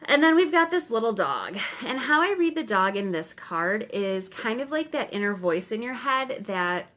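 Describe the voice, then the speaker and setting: A woman's voice: a little high, sing-song, normal speed, a bit bright. A woman tarot reader explaining cards in a chatty, rambling way, often adding "right?". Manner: chatty, rambling, tag questions. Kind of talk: casual explanatory lesson.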